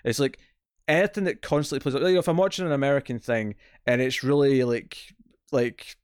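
A man's voice: medium pitch, brisk, smooth, no room sound, studio quality. A Scottish man co-hosting a casual TV review podcast, blunt and opinionated in his complaints. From Scotland. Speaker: podcast co-host.

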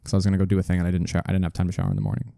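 A man's voice: low voice, very animated, racing, creaky, warm tone, no room sound, clean studio sound. A man casually telling a rambling story on a podcast, swearing freely and correcting himself as he goes. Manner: rambling, profane, self-correcting. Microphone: studio desk mic.

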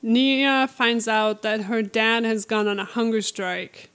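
A woman co-hosting a casual book chat, telling the plot with lively acted-out quotes. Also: a little high, takes it slowly, clear, resonant tone. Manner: animated storytelling, acts out lines in quotes. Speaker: podcast co-host recapping a book.

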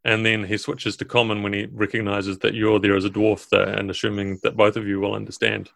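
A man narrating as game master of a tabletop game, relaxed with fillers. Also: on the low side, fairly quick, gravelly, dry recording.

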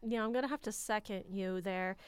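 An American woman co-hosting a casual film review, opinionated and quick to laugh. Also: medium pitch, clear, resonant tone, dry recording. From United States.

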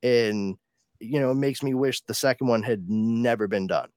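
A man hosts a casual podcast in a middle-pitched voice, rambling through stories about films and cursing freely. He sounds close to the mic in a dry, dead room. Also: normal speed, a little mellow, no echo. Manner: swears freely, storytelling. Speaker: podcast host. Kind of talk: casual pop-culture chat.

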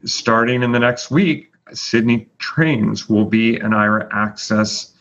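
A man hosts a casual chat, announcing rankings in a chatty way full of fillers. His voice is lowish and a bit bright, and he speaks slowly. The lo-fi recording sounds dull.

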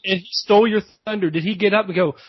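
A man's voice: sits high, fairly even intonation, fast. A man co-hosting a podcast in casual chat, dropping in short dry quips. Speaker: podcast co-host. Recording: dull lo-fi podcast recording.

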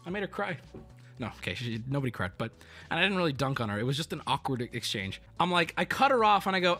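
A man streamer telling a ranting story, animated and profane, with sudden outbursts. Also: sits high. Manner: animated, swearing, mock voices and sudden outbursts.

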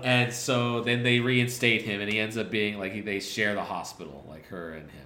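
A man with a low but bright, forceful voice retells movie plots in a rambling, profane, deadpan way, popping in quick voiced asides. He co-hosts a casual podcast. The recording has a roomy echo. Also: a little hiss or hum. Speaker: podcast co-host. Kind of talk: casual movie recap chat.

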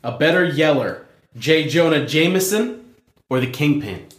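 A man's voice: on the high side, animated, unhurried. A man hosting a casual podcast chat, laid-back as he thanks listeners and signs off. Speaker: podcast host. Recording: echoey room.

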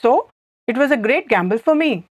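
A woman from India with an Indian accent, co-hosting a scripted Hindi lesson and repeating phrases slowly and clearly. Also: fairly high pitch, lively intonation, dry recording, clean studio sound. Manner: clear, slow, spells out phrases for repetition. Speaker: co-host teaching Hindi.

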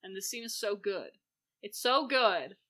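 A woman co-hosting a casual chat about a play, animated and gushing, with sarcastic asides. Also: medium pitch, measured pace. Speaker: podcast co-host.

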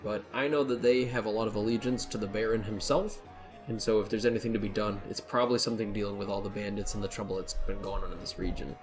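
A man's voice: fairly low pitch, fairly even intonation, fast talker, over music. A man running a tabletop game as game master, narrating casually with many fillers.

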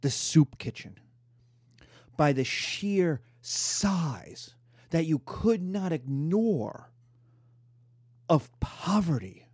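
Animated man lecturing with emphatic delivery. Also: a little high, very slow, long pauses, breathy edge, dry recording. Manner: animated, emphatic, mimics voices in quotes. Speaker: history lecturer. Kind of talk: lively spoken lecture.

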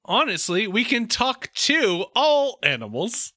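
A man's voice: sits high, big pitch swings, takes it slowly, sharp tone, dry recording, studio quality. A man co-hosting a podcast in casual chat, playful and wordy with a mock-formal streak. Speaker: podcast co-host.

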